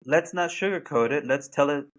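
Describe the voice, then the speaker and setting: A man's voice: a little high, normal speed, rough recording. A man from New Jersey co-hosting a podcast, chatting casually and telling stories with emphatic quoted asides. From New Jersey, United States. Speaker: podcast co-host. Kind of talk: casual chat.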